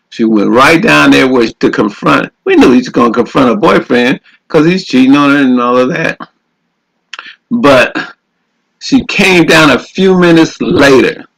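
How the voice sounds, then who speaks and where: Gravelly man preaching with fervor. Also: mid-range voice, a bit bright, low-quality recording. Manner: exhorting, repeats phrases, calls out "glory to God". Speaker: radio host and minister. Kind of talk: preaching with a personal story.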